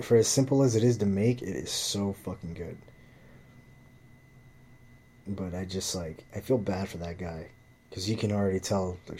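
A man's voice: sits low, darkish tone, a little hiss or hum. A man telling a rambling, profanity-laden story in casual chat, heavy with fillers.

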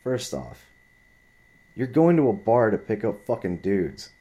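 A man's voice: lowish voice, big pitch swings, a little slow, dark tone. A man in his twenties telling a story in a heated, profane, rambling rant. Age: 20s.

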